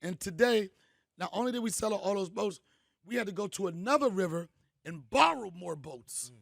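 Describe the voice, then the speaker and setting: High-pitched joking man, gravelly voice. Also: expressive, a little fast, fairly bright tone, dry recording, clean studio sound. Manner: loose, joking, slangy storyteller. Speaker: comedian host speaking to an event crowd. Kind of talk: storytelling speech to a live crowd.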